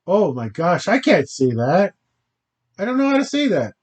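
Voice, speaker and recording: A man's voice: sits high, big pitch swings, normal speed, breathy edge, poor audio. A man hosting his own channel in a rambling, hesitant casual monologue, often stopping short and fumbling over foreign words. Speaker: channel host.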